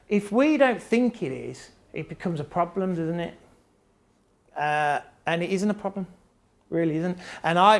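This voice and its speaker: A parent with a British accent giving a live talk to an audience on autism and behaviour, chatty and blunt, laughing often and swearing casually. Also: medium pitch. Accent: British English. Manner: chatty, jokey, laughs often, acts out quotes.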